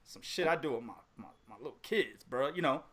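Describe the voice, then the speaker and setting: A man hosting a podcast in casual chat, animated and laughing often as he trash-talks in a profane way. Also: mid-range voice, fairly quick. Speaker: podcast host.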